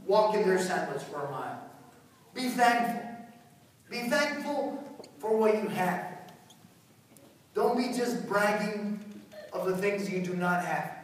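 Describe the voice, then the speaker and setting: A priest giving a joking, animated talk to parents and children. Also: male voice, sits high, very echoey, distant mic, poor audio. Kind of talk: parish talk to families. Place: church.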